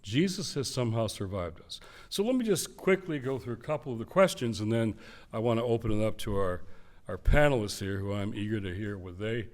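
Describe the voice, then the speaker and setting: An older man giving a public lecture, telling stories in an animated way and acting out the voices of the people he quotes. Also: lowish voice, brisk. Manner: animated storyteller, acts out quoted voices with swings in loudness.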